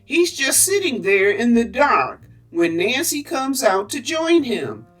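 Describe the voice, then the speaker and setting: Chatty woman host recapping classic TV, slightly high voice, slow pace. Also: sing-song, a bit bright. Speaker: TV review host. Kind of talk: casual review commentary. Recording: distant mic with faint music.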